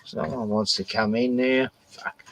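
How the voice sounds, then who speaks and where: A drunk man hosts a live stream from a small caravan, rambling to his dogs between laughs and curses. His speech is slow and unhurried, but his pitch swings widely. A faint hiss sits under the voice. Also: gravelly, rough recording. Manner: rambling, swearing, laughing often.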